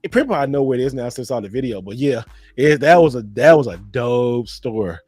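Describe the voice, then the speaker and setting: A man's voice: medium pitch, a little fast, husky, dry recording. A man hosting a casual podcast chat, telling stories animatedly and acting out quotes. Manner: animated storyteller, acts out quotes. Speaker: podcast host.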